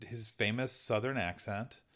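A man's voice: lowish voice, measured pace, a bit bright. A man co-hosting a podcast in casual chat, making wry, jokey asides. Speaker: podcast co-host.

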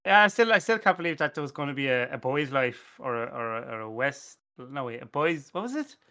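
A man's voice: mid-range voice, expressive, fairly quick, sharp tone, smooth. A young Irish man hosting a casual podcast, rambling, self-deprecating, laughing and swearing as he chats. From Ireland. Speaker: podcast host.

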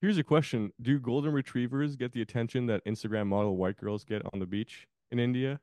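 A man's voice: medium pitch, steady tone, brisk, mellow, dry recording, studio quality. A man guesting on a podcast, chatting casually about films, rambling and laughing often. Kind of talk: casual film chat.

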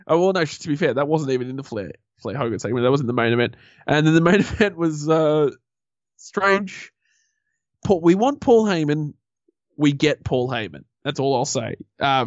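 A man co-hosting a casual podcast, his voice a little high. He gives blunt, opinionated takes and tells stories with animated reactions. The mic is dry and slightly dull, with a touch of muffle. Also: no echo. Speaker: podcast co-host. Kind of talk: casual wrestling chat.

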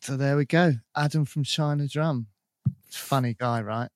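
A man's voice: medium pitch, normal speed, over loud music. A man hosting a podcast, chatting enthusiastically in a casual, upbeat way. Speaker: podcast host. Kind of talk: casual chat.

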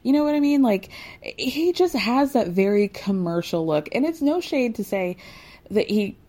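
A woman host chatting casually and wryly, with big leaps in pitch when she makes a point. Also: normal speed. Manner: chatty, wry, animated with big pitch jumps. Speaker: podcast host recapping reality TV. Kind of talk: casual chat.

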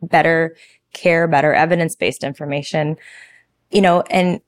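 Female guest, 30s; lively, filler-heavy storyteller; dry booth sound. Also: low voice, normal speed, no echo. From Toronto, Canada. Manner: animated storyteller, chatty, many fillers. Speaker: guest, pilates instructor. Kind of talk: casual podcast interview.

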